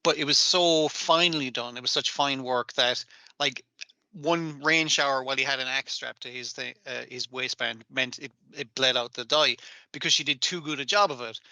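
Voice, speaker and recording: A man, co-hosting an anime podcast in casual chat. He is animated, swears often and acts out scenes. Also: medium pitch, normal speed, no echo. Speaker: podcast co-host.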